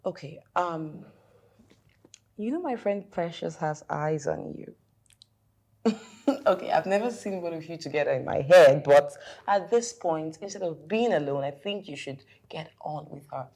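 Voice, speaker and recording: A woman's voice: deep voice, expressive, a little slow, warm tone, full character voice. An actress with a Nigerian accent playing a playful younger sister who teases her elder brother. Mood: teasing. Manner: teasing, bantering.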